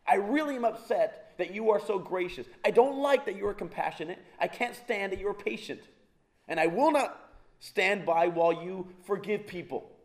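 A preacher voicing an indignant, sulking prophet. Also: male voice, high-pitched, animated, moderate pace, pitched above the performer's own voice. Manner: exasperated complaining.

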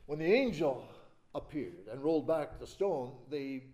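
Dramatic man preaching, lively and mellow. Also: on the high side, a little slow. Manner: dramatic, swings from loud to hushed; acts out quoted speech. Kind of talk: expository sermon.

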